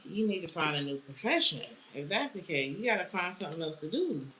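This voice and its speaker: Woman, low-pitched tarot reader, blunt slang, frequent laughs; faint hiss on the track. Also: big pitch swings, fairly quick, bright, forceful tone, low-quality recording. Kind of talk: casual tarot reading.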